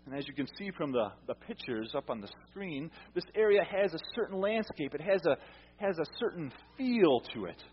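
A pastor with a voice on the high side speaks at a moderate pace with big pitch swings, and there's a little hiss or hum. He preaches conversationally, asking the congregation questions and repeating words, in a muffled recording from a reverberant hall.

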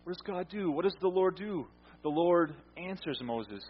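A man delivers an earnest sermon in a husky, slightly high voice, repeating phrases for emphasis and letting his lines trail off quietly. The sound is dull and muffled, with a long reverb like a large hall. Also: lively intonation, normal speed. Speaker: pastor.

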